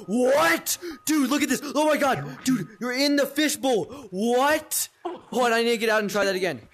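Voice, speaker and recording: Excitable high-voiced young man gaming. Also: normal speed. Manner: excitable, repeats phrases, exclaims often. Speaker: gaming video creator. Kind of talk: casual gameplay chat.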